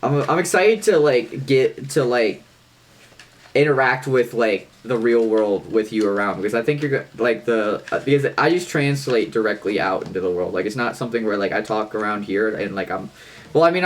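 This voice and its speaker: A man's voice: fairly low pitch, animated, fairly quick, slight background noise. Loose, swearing podcast co-host guy. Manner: loose, filler-heavy, swears casually. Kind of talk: casual chat.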